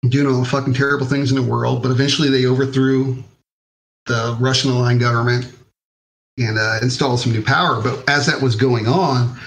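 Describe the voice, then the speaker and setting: Brisk and a bit bright, this mid-range male voice stays fairly even as an American army vet recounts his war experiences in a podcast interview. The audio is poor, and his laid-back telling is profane and packed with fillers.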